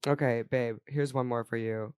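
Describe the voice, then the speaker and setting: A woman's voice: extremely low pitch, steady tone, normal speed, a little mellow, smooth, dry recording, clean studio sound. A young woman co-hosting a podcast, chatting casually with strong opinions, frequent swearing and laughter. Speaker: podcast co-host. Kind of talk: casual chat.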